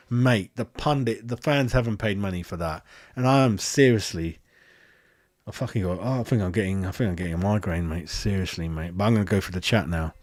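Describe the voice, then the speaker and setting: A man hosting a football fan channel, reviewing a match in blunt, excitable, heavily sworn chat. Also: on the low side, brisk, dry recording, studio quality. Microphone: handheld microphone.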